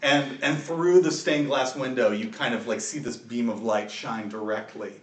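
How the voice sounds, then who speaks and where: A man narrating a tabletop game as game master, chatty and loose with plenty of filler words. His mid-pitched voice sits back from the mic in an echoey room with some faint noise. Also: normal speed, recorded from a distance.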